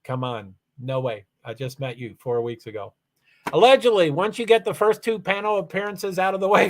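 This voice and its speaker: Male livestream host, slightly high-pitched, loose and rambling, reads out chat and clicks through settings. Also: lively intonation, normal speed. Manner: rambling, repeats "allegedly", frequent restarts; talks through software settings step by step. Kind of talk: casual livestream chat, reading comments.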